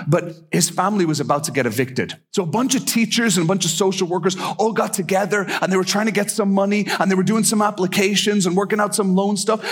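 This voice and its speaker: A man preaching a sermon, telling stories and acting out the people in them with lively swings of voice. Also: fairly high pitch, slightly rough. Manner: animated storyteller who acts out the people in his stories. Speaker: pastor.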